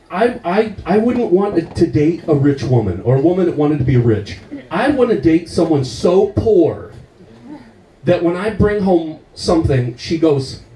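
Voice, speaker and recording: A man doing stand-up, telling stories in a profane, animated way. His voice runs a little high with lively swings in pitch, and his tone is mellow. The sound echoes around a roomy club. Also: distant mic. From United States. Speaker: comedian. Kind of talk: stand-up comedy.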